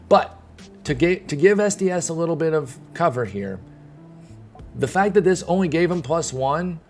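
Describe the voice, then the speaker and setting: A young man streaming, ranting casually to his chat, heated and rambling with many restarts. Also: on the high side. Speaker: gaming streamer. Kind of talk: casual commentary to live chat.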